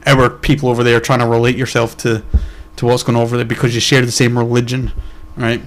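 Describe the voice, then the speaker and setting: A young man co-hosts a casual podcast, arguing his points bluntly and heatedly. He swears freely. His pitch sits mid-range for a man. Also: completely flat delivery, fast. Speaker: podcast co-host.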